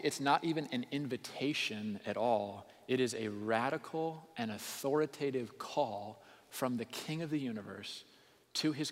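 A man preaching a sermon as pastor, earnest, moving between quiet intensity and raised emphasis. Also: medium pitch. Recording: long hall reverb.

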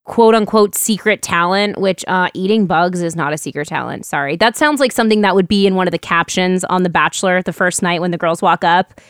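A woman co-hosting a podcast, chatting casually and reading news stories in a bubbly, quick way with frequent laughs. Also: on the low side, clear, resonant tone, no room sound, clean studio sound. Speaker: podcast co-host.

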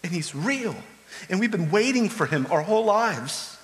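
A man delivering a sermon from the pulpit, earnest and pressing harder as he goes. His voice sits slightly high for a man. A long reverb from the church hall trails after each phrase. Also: expressive, normal speed. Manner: earnest, builds to urgent pleading. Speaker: pastor.

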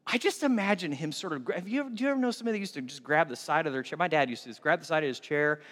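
High, bright-voiced animated male pastor. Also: rapid-fire, in a large hall. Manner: animated storytelling, acting out scenes. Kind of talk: sermon.

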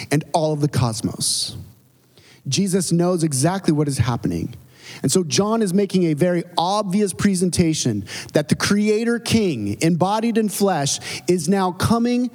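A pastor in his forties preaching a dramatic, storytelling sermon, his pitch rising and falling widely. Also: a little mellow. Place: church sanctuary. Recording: long reverb of a church hall.

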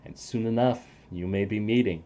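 A man voicing a weary adventurer who speaks low, quiet and solemn. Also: normal speed, lightly acted. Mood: grave. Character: weary adventurer man, grave and soft-spoken.

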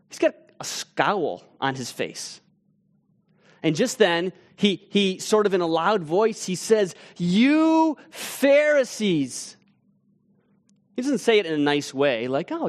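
High-voiced man telling a sermon story. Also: expressive, measured pace. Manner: vivid storytelling, dropping to a hush at tense moments; casual, with restarts and asides. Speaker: pastor on teaching team.

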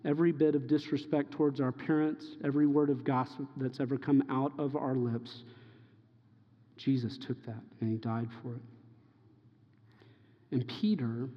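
A man preaching a sermon, his voice a bit high for a man. He acts out the lines he quotes, rising loud and dropping to near hushes, and the long reverb of a hall trails after his words on a dull-sounding recording. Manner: impassioned preaching, acting out quoted dialogue, swinging loud and soft. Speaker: pastor.

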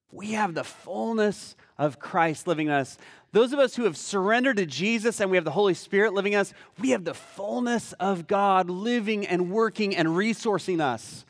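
Animated male pastor in a reverberant hall. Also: high voice, clean studio sound. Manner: animated, conversational preaching with rhetorical questions. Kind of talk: sermon.

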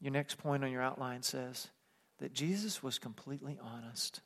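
A man's voice: medium pitch, steady tone, moderate pace, fairly bright tone, long reverb tail. A man preaching a sermon as pastor, earnest, with casual acted-out asides. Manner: earnest preaching, acts out plain-spoken asides.

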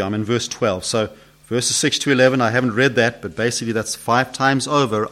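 Man preaching with dramatic loud-soft swings. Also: medium pitch, fairly even intonation, a little fast. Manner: asks the congregation questions. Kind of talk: sermon.

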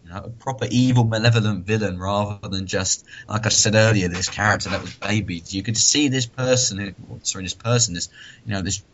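A man with a fairly low voice co-hosts a podcast, laughing easily as he chats. He acts out lines as he talks. The recording sounds dull and lo-fi. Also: fairly quick, a little hiss or hum. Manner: laughs often and acts out quotes. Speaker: podcast co-host. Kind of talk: casual chat.

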